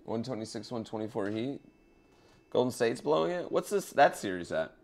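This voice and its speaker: Very animated and moderately paced, a streamer with a mid-range, darkish voice talks to his chat during a racing game. There's faint music in the background, and his loose commentary is peppered with swearing and rambling asides.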